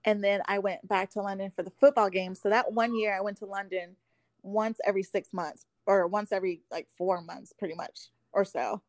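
A young woman in her twenties, a podcast guest, chatting casually and acting out her stories with lively quoted voices. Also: medium pitch, moderate pace, no echo. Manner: animated storyteller acting out quotes, giggly. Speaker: podcast guest, former pro cheerleader. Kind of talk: casual chat.

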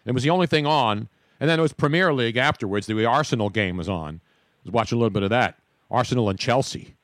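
A man's voice: medium pitch, fast talker, fairly bright tone, no room sound, studio quality. A man hosting a talk show, telling stories in casual, opinionated banter. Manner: boisterous, opinionated storyteller. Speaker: radio show host.

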